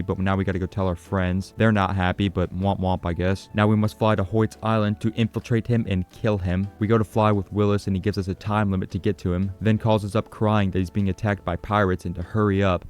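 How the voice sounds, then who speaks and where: A man's voice: low voice, level tone, brisk, hardly any pauses, darkish tone, faint music behind. A man narrating a comedic game recap in a crude, sarcastic way with constant swearing. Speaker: gaming commentator.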